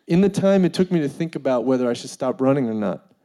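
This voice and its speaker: A man telling a funny personal story in an animated way, full of fillers and laughing as he goes. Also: mid-range voice, quick pace. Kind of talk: comedic storytelling.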